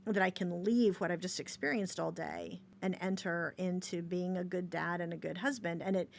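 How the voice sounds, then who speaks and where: A woman's voice: fairly low pitch, fairly even intonation, normal speed, vocal fry, a little hiss or hum. A woman hosting a podcast interview, asking questions in a casual, affirming way. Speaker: podcast host.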